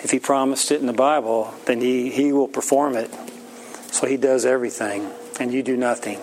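Brief: middle-aged male pastor, folksy informal sermon, gravelly voice. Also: mid-range voice, fairly even intonation, moderate pace, a little mellow, slight background noise, poor audio. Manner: folksy, plain-spoken, laughs often.

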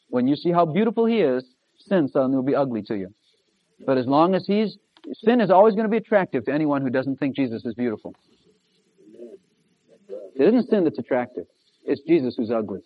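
A man preaching a sermon, emphatic and repetitive, swinging between loud and hushed. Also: a little high. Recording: dull lo-fi recording.

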